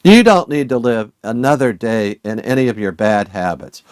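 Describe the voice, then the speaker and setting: Male Bible teacher, earnest sermon delivery, rhetorical questions, dry close sound, mid-pitched. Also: sing-song, moderate pace, a little mellow, smooth, no echo.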